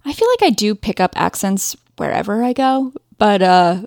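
A friendly woman with a Midwestern American accent talks as a podcast guest, relaxed and chatty with easy laughter. Her voice sits at a middle pitch and sounds close and dry, with no room around it. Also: normal speed, no echo. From Ohio, USA. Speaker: guest, knitwear designer. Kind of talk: casual interview chat.

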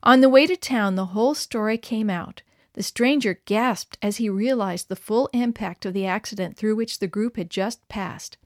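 A woman narrating a story in a clear, expressive read-aloud manner. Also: mid-range voice, moderate pace, no echo, studio quality. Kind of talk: scripted narration.

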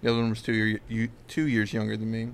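A man's voice: on the low side, completely flat delivery, fast, slight background noise. A man telling a rambling story in casual podcast chat, full of fillers and restarts. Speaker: podcast guest.

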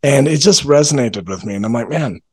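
A man's voice: mid-range voice, animated, husky. Earnest man explaining parenting ideas. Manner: earnest, explanatory, slows down to stress points. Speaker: parenting coach. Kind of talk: casual podcast chat.

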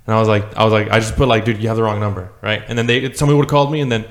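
A man's voice: lowish voice, steady tone. A man in casual chat who talks in slang, saying "dude" and "bro" a lot. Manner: fast talker, says "dude" and "bro".

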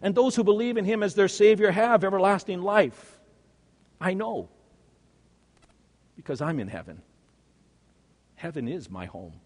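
Earnest preacher in a reverberant hall. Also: male voice, sits high, animated, a little slow, pauses often. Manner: earnest, swings between hushed and loud. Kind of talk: first-person dramatic monologue sermon.

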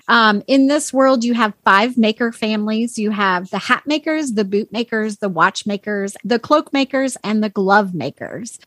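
A woman's voice: fairly high pitch, dry recording. A woman co-hosting a podcast, giving eager, detailed book recommendations in casual chat. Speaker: podcast co-host. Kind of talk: casual chat about books.

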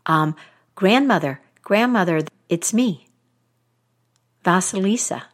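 A woman's voice: mid-range voice, lively intonation, takes it slowly. A woman voicing a frightened young girl who speaks in a small, hesitant voice. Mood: timid.

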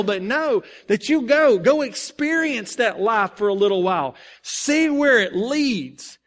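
High-voiced man preaching a sermon. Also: unhurried, few pauses. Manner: storytelling, animated, reads scripture aloud.

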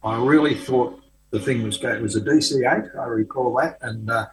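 An older man, a writer being interviewed, recounting an anecdote in a relaxed, conversational way with frequent ums and restarts. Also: mid-range voice, a little fast, rough recording. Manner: hesitant, many fillers and restarts. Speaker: author guest. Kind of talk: conversational storytelling.

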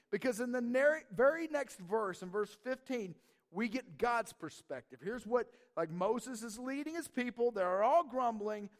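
High voiced guy preaching, chatty and jokey, keeps saying right. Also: long reverb tail. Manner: animated, joking, conversational, repeats "right?". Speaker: pastor. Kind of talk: sermon.

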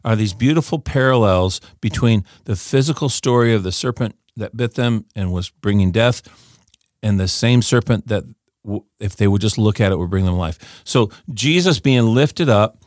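A man's voice: fairly low pitch, normal speed, no room sound, clean studio sound. An older man giving an informal scripture teaching talk, eager and often restarting with repeated words as he explains. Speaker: Bible teacher.

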